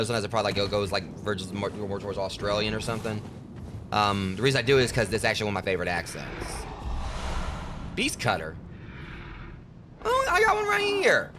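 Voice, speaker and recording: A man's voice: on the low side, fast talker, background noise. A man streaming a game, trash-talking enemies and commenting casually as he plays. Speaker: gaming streamer.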